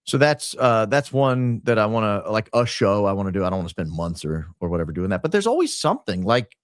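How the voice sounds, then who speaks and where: Fortyish guy on a podcast, lowish voice, dry close mic, gets animated telling stories, restarts a lot. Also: fast, no echo. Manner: animated storyteller, frequent restarts. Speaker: podcast host, guest. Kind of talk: casual interview talk.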